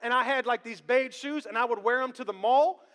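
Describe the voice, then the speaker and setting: High-voiced joking pastor in a reverberant church. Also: male voice, a little fast. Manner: joking, animated preaching with audience asides. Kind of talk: sermon. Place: church sanctuary. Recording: long church hall reverb.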